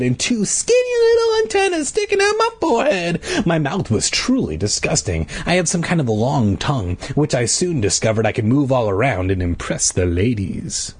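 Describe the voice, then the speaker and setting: A man reading a children's horror book aloud, animated and wry, with jokey asides. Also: mid-range voice, slightly rough.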